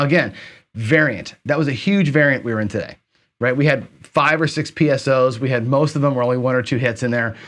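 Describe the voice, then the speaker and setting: A man's voice: mid-range voice, fairly bright tone. A man hosting a craps channel, talking casually through a live dice session, chatty, repeating words for emphasis and correcting himself as he goes. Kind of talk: casual livestream commentary on a dice game.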